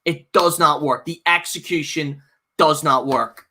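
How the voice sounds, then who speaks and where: A man with a bright, forceful voice rants through a casual live review. He rambles and restarts often, exasperated and full of fillers. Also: on the high side, a little slow. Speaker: host reviewing a wrestling show.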